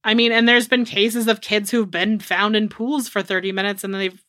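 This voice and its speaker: A woman's voice: mid-range voice, fairly even intonation, normal speed, fairly bright tone, dry recording. A woman in her thirties co-hosting a podcast, talking frankly in casual chat, swearing and saying "like" a lot. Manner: frank and candid, swears, heavy use of "like". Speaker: podcast co-host.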